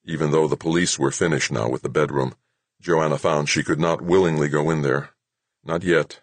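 Very deep husky male narrator. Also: no room sound. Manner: steady, measured reading. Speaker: audiobook narrator. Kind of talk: scripted narration.

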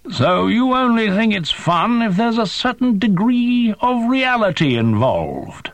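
Man putting on a high, loud, prodding questioner in a storybook, dry sound. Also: very animated, a little slow, dry recording, heavily acted. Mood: shouting. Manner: probing questions, shouted. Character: curious, prodding questioner, shouting.

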